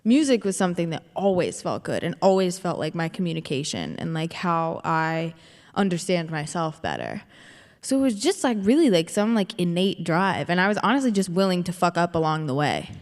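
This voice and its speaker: A woman's voice: fairly low pitch, big pitch swings, moderate pace. A woman in her twenties, a singer and actress being interviewed on stage, rambling with lots of filler words. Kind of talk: onstage conversation. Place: live event stage. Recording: long hall reverb.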